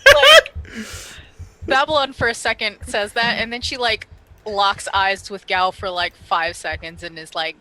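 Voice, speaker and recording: A woman narrating her character's actions in a tabletop game, in an animated way. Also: mid-range voice, normal speed, poor audio. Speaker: player.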